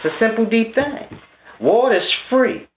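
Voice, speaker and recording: A man's voice: very high voice, expressive, measured pace, slight background noise. Man, thirties, confrontational rant, scornful and blunt; tinny phone-like sound in an echoey room. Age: 30s. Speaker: vlogger. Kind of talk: profane monologue rant.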